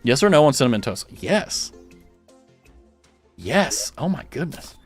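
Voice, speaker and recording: A man's voice: mid-range voice, very animated, a little slow, soft background music. A young man streaming a game, chatting casually with viewers and rambling through self-mocking jokes. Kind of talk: casual chat while gaming.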